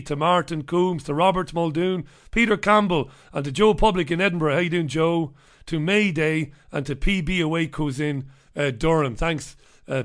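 A man's voice: a little high, a bit bright. Rambling, jokey male host. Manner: irreverent, rambling, jokey banter. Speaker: radio show host. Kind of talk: casual live show chat, reading out listener messages.

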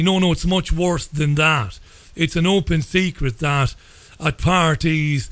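Interviewing on the radio, a middle-aged Irish host speaks deliberately and measuredly, his voice pitched somewhat high for a man, and he keeps restarting sentences as he builds toward his point. The recording is close, dry and a bit bright, with no room around it and no echo.

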